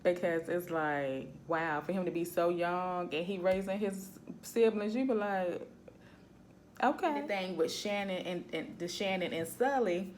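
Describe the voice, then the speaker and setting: A woman vlogger talking about shows in a casual, animated way. She laughs often and keeps addressing her viewers. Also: medium pitch, slight background noise. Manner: chatty and animated, laughs often, says "y'all". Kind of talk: casual chat.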